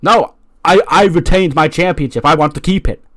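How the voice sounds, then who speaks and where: A man's voice: a little high, normal speed, lightly acted. A man doing a whiny, entitled wrestling champ. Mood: demanding. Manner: petulant, demanding.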